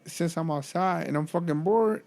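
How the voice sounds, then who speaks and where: A man who works as a motivational speaker tells a story in a casual vlog, animated and profane, laughing often and breaking into incredulous exclamations. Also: a little high, moderate pace, vocal fry.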